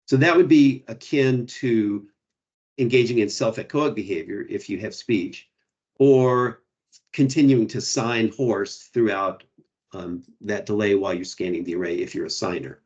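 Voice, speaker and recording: A man's voice: lowish voice, a little slow, darkish tone, highs cut off. A man presenting, answering audience questions in a hesitant, explanatory way with many restarts. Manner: hesitant, restarts, frequent "you know" and "right". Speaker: guest presenter. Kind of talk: academic Q&A answers.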